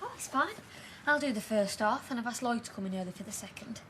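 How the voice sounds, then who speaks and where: A woman's voice: a little high, fairly bright tone, a little hiss or hum, close to an everyday voice. An actress playing a fussy, officious woman organising a work rota in a TV soap drama. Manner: officious, rapid, wordy.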